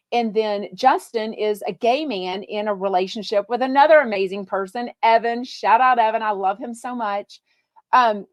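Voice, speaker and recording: A woman's voice: fairly high pitch, dry recording. Bubbly woman podcast host. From Texas. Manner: bubbly and gushing, many fillers. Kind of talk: live-stream chat reading viewer comments.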